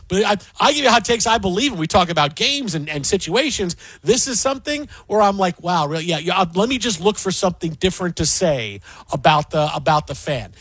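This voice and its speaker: Ranting male sports radio host, high voice. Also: a bit bright, husky, no echo. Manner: emphatic, ranting, mocking quotes. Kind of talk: heated sports talk.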